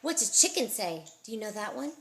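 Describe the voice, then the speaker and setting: A woman's voice: mid-range voice, sing-song, fairly quick, fairly bright tone, a little hiss or hum. A young mother filming her toddler at home on a phone, patiently coaxing her with questions in sing-song baby talk. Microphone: handheld phone camera.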